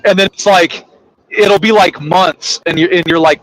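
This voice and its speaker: A man's voice: on the high side, moderate pace, a bit bright, a little hiss or hum, poor audio. A young man chatting casually on a podcast, telling rambling, profane stories and laughing as he goes. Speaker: podcast co-host, trucker. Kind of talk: casual chat.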